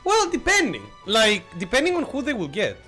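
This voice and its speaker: A man, not a native English speaker, chatting excitedly and laughing through live gameplay commentary. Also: extremely high pitch, fairly quick, soft background music. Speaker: streamer.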